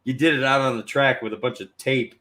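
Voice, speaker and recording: A man co-hosting a casual podcast, explaining at ease and chiming in with quick agreement. His voice is bright, at a middle pitch. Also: steady tone. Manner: brief agreeing interjections. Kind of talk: casual chat.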